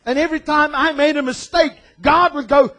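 A male pastor preaching a sermon in an animated way, acting out voices and shouting for emphasis. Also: very high-pitched, a little fast.

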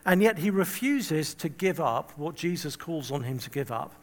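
High-voiced man preaching with humor. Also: moderate pace, few pauses, big-room sound. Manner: humorous storytelling with self-deprecating asides; conversational, acts out quoted voices. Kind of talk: sermon.

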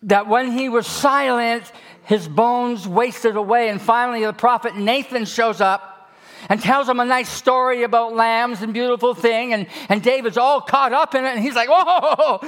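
A male pastor preaching a sermon, telling stories in an animated way that swings between loud and hushed. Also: very high voice, normal speed.

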